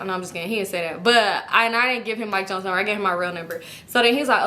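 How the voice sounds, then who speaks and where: Fast, bright-voiced woman telling a story. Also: mid-range voice. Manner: animated, profane, chatty with asides to viewers. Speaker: YouTube storyteller. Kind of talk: casual storytime vlog.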